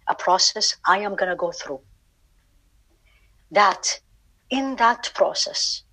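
A woman's voice: lowish voice, pushed and bright, slightly rough, poor audio. A woman giving a religious lecture, earnest, repeating key words for emphasis. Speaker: Islamic lecturer. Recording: online class session.

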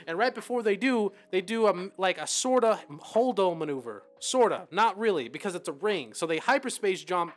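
A young man co-hosting a casual podcast, excitedly retelling a show scene with sound effects and swearing. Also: high voice, moderate pace, few pauses. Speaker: podcast co-host. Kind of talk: casual chat.

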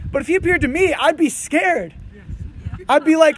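A man preaching a sermon outdoors, reading scripture and then talking to the congregation in a conversational, animated way. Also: extremely high pitch, normal speed, a little hiss or hum. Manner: conversational, animated preaching with frequent "you know" and "right". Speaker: pastor. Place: outdoors under tents on a windy morning.

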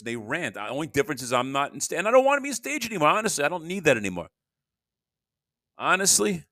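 A man's voice: medium pitch, fairly bright tone, no echo, studio quality. An older man hosting his own podcast, rambling through a restless solo monologue that breaks into sudden bursts. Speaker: podcast host.

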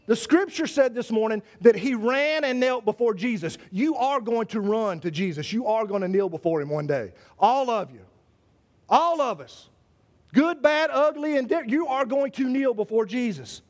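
A male pastor delivers an impassioned sermon in a strikingly high voice. He repeats words and starts phrases over as he presses each point on his congregation. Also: animated, moderate pace. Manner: impassioned preaching with repetitions and restarts.

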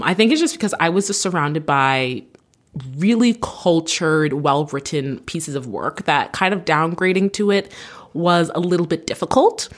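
A young woman vlogger in casual, rambling chat, often correcting herself. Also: sits low. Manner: rambling, self-correcting, chatty.

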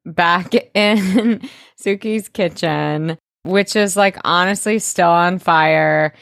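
A young woman co-hosting a podcast, chatting in a laid-back way and telling quick anecdotes with casual swearing. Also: lowish voice, creaky, fairly bright tone, no echo, studio quality. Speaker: podcast co-host. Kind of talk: casual chat.

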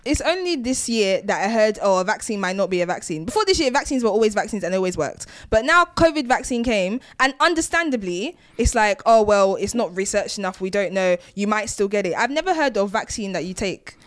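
A woman's voice: mid-range voice, lively intonation, fairly quick, few pauses. Emphatic woman with a Nigerian accent. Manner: emphatic and opinionated. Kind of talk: casual chat.

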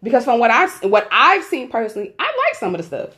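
A young woman co-hosting a podcast, sassy and animated in casual chat. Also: a little high, quick pace, a little hiss or hum. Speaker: podcast co-host.

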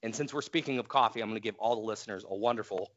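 A man co-hosting a podcast, talking in an animated, jokey way and leaning on "you know" in casual chat. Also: on the low side, very fast, no room sound. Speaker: podcast co-host. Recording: dull lo-fi sound.

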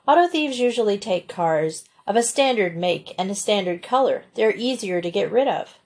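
An eager teenage boy detective in a storybook, sure of himself and pushing his questions briskly, as a woman reading aloud plays him. His voice stays light and keen. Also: medium pitch, expressive, darkish tone, slightly rough.

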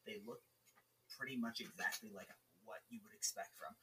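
A man's voice: mid-range voice, moderate pace, bright, forceful tone, recorded from a distance, slight background noise, low-quality recording. A male podcast co-host in casual, profane, jokey movie-review chat. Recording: voice slightly off-mic.

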